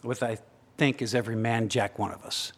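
A man preaching a sermon, moving between hushed, slow reflection and raised, urgent emphasis, repeating phrases in building lists. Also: medium pitch, fairly even intonation, breathy edge, big-room sound. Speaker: pastor.

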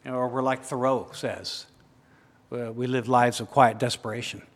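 With a long reverb tail behind him, a pastor speaks in a mid-range voice with fairly even intonation. His sermon moves from soft, slow musing to raised urgency, building lists through repeated phrases.

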